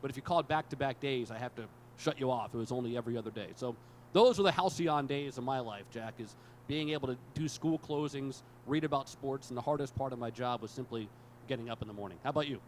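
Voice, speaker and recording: Man, sportscaster, panel talk, joking, quick delivery. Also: medium pitch, slight background noise. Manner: joking, self-deprecating.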